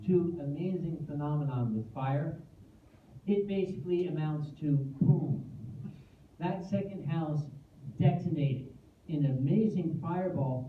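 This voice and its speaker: Slow, animated man telling stories in a hall. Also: fairly high pitch, slight background noise. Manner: animated, self-deprecating, playful asides. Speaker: convention guest speaker. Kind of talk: comic storytelling speech. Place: convention hall. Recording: echoey hall, distant phone-like audio.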